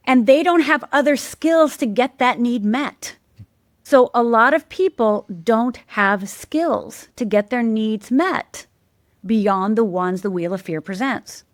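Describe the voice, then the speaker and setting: An emphatic, teacherly woman talks through ideas in an animated interview, leaning on key words. Her voice sits fairly high and springs up further whenever she mimics someone. The sound is close and dry. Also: slow pace, dry recording. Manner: animated, jumps high in pitch to act out quoted voices. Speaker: guest, life coach.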